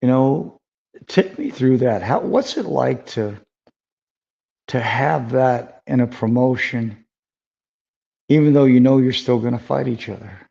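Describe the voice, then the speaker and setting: Older male host, gravelly, mellow, loose rambling chat, dull lo-fi audio. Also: medium pitch, a little slow, long pauses. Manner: rambling, conversational, many fillers. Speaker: podcast host. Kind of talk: casual interview chat. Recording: dull lo-fi sound.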